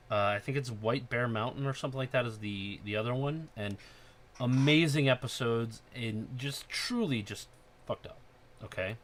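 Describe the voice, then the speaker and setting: A man hosting a casual podcast chat, excited and profane, getting loud when he acts out scenes. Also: mid-range voice, slight background noise. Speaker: podcast host.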